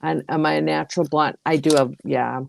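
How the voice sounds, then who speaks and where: Woman co-host, deep, gravelly, unhurried and wry. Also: fairly even intonation, slight background noise. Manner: self-deprecating, laughs often. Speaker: podcast co-host. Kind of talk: casual chat.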